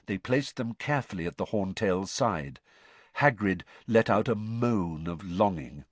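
A man reading an audiobook in a steady storytelling manner, stepping into character voices. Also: on the low side, no echo. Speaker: narrator. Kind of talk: audiobook narration.

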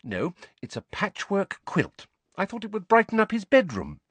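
An eager, brainy teenage girl talks brightly, with a touch of bossiness, as a man puts her on. The voice is pushed well above his own register and bounces around a lot. The sound is dry and close. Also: high voice, wildly swooping pitch, moderate pace, husky, no room sound, pitched above the performer's own voice, heavily acted. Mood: earnest.

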